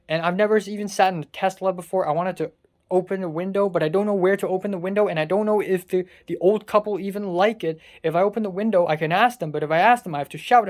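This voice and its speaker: A young adult vlogger from Hong Kong pours out an exasperated, sarcastic rant full of swearing in a casual confessional vlog. The voice is at an ordinary middle pitch and sounds distressed and worn down.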